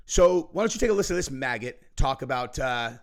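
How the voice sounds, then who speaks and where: A man's voice: medium pitch, lively intonation, a little fast. A man hosting a political reaction show, ranting angrily and cursing, tagging his points with "okay?" and "right?". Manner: angry, profane, ranting with frequent "okay?" and "right?". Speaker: political commentary host. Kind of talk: heated reaction commentary.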